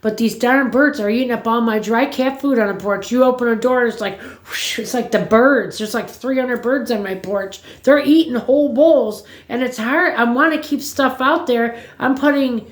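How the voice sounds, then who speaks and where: A woman's voice: on the high side, normal speed, few pauses. A woman vlogging from home, chatting casually to her viewers in a rambling, blunt way and swearing freely. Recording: roomy echo.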